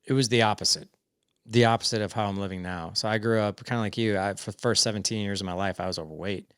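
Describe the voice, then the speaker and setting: Male podcast guest, forties, lower voice, frank storyteller, dry close recording. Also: steady tone, fast, a bit bright, clear, resonant tone, no room sound. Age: 40s. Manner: frank, acts out quoted dialogue. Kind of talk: candid personal storytelling.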